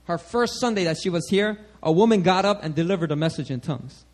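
Preaching in a notably high voice, this man talks fast and teaches loosely with plenty of animation. He constantly checks in with his congregation, frequently throwing in "all right?"

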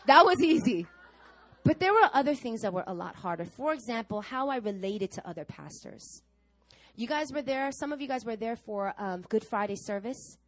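A woman's voice: on the high side, moderate pace. A middle-aged woman pastor preaching a sermon, telling stories to her congregation and acting out the people she quotes. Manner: animated storytelling to a congregation, acting out quoted voices.

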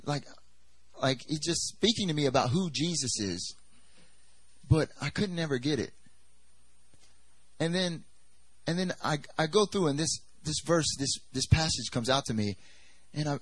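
During a church service, a young male preacher delivers his sermon casually, filling it with "like" and "you know" and performing the voices of those he quotes. He has a mid-range voice, recorded in poor quality with no room sound.

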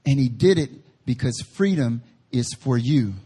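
A man preaching a sermon as pastor, with emphatic slow stresses and playful asides. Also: mid-range voice, animated, dark tone, husky. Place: church service.

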